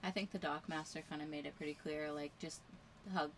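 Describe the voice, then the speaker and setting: A woman co-hosting a casual livestream from a sailboat, reading viewer comments aloud and adding short, relaxed remarks. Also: sits low, brisk, a little hiss or hum. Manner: relaxed, brief remarks, often laughing along. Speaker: livestream co-host living on a sailboat.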